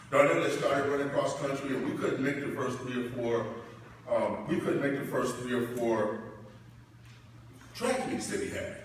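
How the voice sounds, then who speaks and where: Preacherly man speaking in an echoey hall. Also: slight background noise. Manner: preacherly, swells loud and high when building up. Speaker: parent giving a graduation speech. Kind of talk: commencement speech with personal stories. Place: large hall or church. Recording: echoey hall, distant mic.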